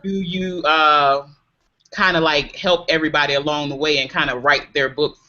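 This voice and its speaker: Bright-voiced host with muffled audio. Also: medium pitch, steady tone, moderate pace. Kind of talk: interview questions. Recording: dull lo-fi video call audio.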